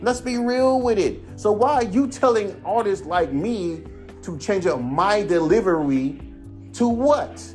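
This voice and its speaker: A rapper in his thirties hosts a laid-back podcast, ranting angrily and profanely in a rambling monologue. His voice sits high yet carries a darkish tone, animated but a little slow, over faint background music.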